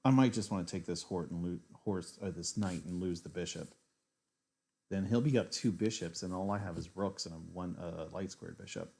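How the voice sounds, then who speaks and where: A man's voice: low voice, normal speed, creaky, darkish tone. A man streaming a live chess game, thinking aloud as he weighs his moves, muttering and correcting himself as he goes. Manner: muttering, self-correcting, analytical.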